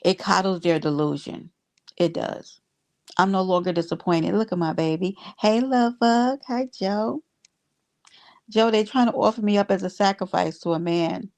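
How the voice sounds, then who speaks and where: A woman's voice: fairly low pitch, steady tone, normal speed, a little mellow. A woman hosting a casual livestream, talking bluntly to her viewers with exasperation and free cursing. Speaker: livestream host reading chat.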